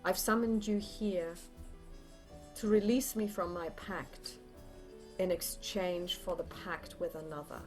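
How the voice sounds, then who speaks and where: A woman voicing an elderly woman who chants loudly to summon a dark presence. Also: on the low side, fairly even intonation, takes it slowly, soft background music. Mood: solemn. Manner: loud incantatory chanting.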